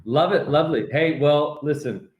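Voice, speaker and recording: A man's voice: fairly high pitch, normal speed, reverberant. A male pastor joining a live chat as a guest by video call, talking in a playful, teasing way. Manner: playful, teasing, warm praise.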